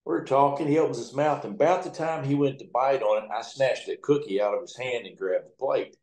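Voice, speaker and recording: A middle-aged towboat captain telling rambling, folksy, profane stories in an oral history interview. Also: male voice, medium pitch, a little fast, a little mellow. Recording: roomy echo.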